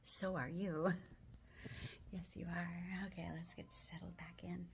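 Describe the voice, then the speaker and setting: A woman giving gentle, affirming self-help talk, mostly in a soft whisper with firmer spoken words mixed in. Her voice has a gravelly fry and sits at a middle pitch. A faint hiss runs under the recording. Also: flat delivery, measured pace. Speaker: self-help video host.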